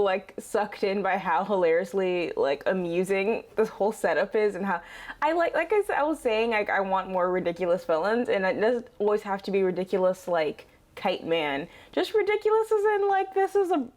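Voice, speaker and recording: A young woman hosting a casual reaction video, chatty and quick to laugh, with lots of fillers. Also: medium pitch.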